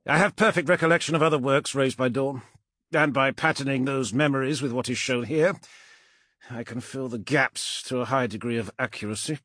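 A man voicing a towering armored male warlord, cold and calculating, with a measured, growling delivery in an audiobook. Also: medium pitch, fairly bright tone, dry recording, studio quality, pitched above the performer's own voice, close to an everyday voice.

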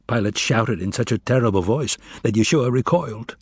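A man reading a literary audiobook in a measured, dramatic way. His voice is husky and mid-pitched, recorded close and dry. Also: a little mellow, dry recording. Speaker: audiobook narrator. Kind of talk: scripted literary narration.

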